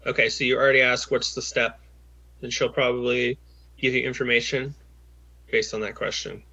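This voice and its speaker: A man's voice: medium pitch, level tone, normal speed, gravelly, pushed and bright. A man working as a job coach, talking someone through a phone call in a patient, encouraging way with lots of fillers and restarts, over a video call.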